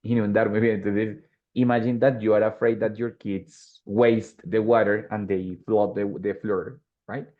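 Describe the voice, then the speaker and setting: A man's voice: on the low side, level tone, moderate pace. A man with a Colombian Spanish accent teaching an English class, explaining patiently and slipping into Spanish. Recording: dull lo-fi audio.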